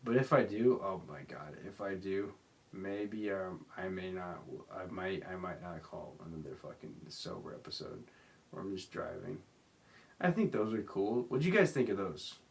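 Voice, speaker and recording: Drunk, sleepy young man with a deep voice. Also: lively intonation, moderate pace, gravelly. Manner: slurred, apologetic, rambling. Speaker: podcast host. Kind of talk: rambling solo podcast monologue.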